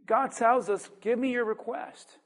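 A preacher delivers a sermon that swings from loud emphasis to quiet asides, packed with rhetorical questions and call-and-response. His voice is medium in pitch and steady, with a slightly slow pace.

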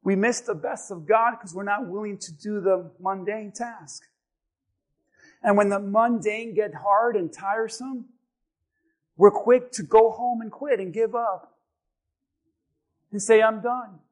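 Male pastor, high pitch; preaches in rising waves up to full shouts. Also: a little slow, long pauses. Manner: builds from calm storytelling to shouted exhortation. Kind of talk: sermon.

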